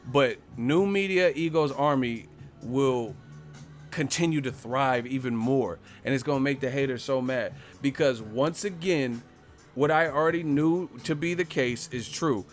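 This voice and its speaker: Faint music sits behind a boxing channel host whose medium-pitched voice keeps a measured pace on his live stream. He chats straight to viewers, casually profane and prone to jokes and tangents.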